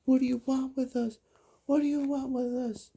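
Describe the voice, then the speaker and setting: A terrified little boy begs a ghost in a bedtime story, as a man puts him on. The voice jumps far above the storyteller's own and stays raspy and strained. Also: flat delivery, normal speed, warm tone, full character voice. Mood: frantic. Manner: pleading, frantic, high-pitched.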